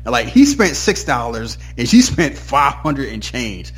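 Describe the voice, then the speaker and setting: A man's voice: mid-range voice, big pitch swings, unhurried, slightly rough, soft background music. A man co-hosting a casual talk podcast, telling stories in a laid-back way and slipping into impressions of others. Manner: laid-back storytelling, drifts into mimicking others. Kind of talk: casual chat.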